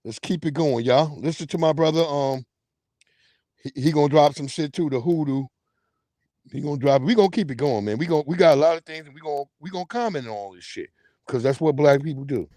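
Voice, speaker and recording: A man with a notably high voice delivers a heated, profane livestream rant, mocking and loud at times. The sound is dry and close to the mic, with no room around it. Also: a little fast, no echo. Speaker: livestream host.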